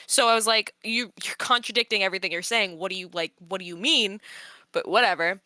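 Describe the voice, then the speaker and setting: A young woman host retelling a personal story in casual podcast chat, animated and exasperated, laughing often. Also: medium pitch, a little fast, no echo.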